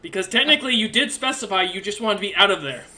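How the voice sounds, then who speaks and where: A man's voice: high-pitched, expressive, fast talker, sharp tone. A man narrating as game master in a tabletop game, chatty and laughing at his own twists.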